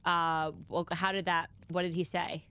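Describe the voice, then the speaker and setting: A woman's voice: fairly low pitch, level tone, a little slow, fairly bright tone, smooth. A woman hosting a casual interview, sarcastic and teasing, often laughing. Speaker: podcast host.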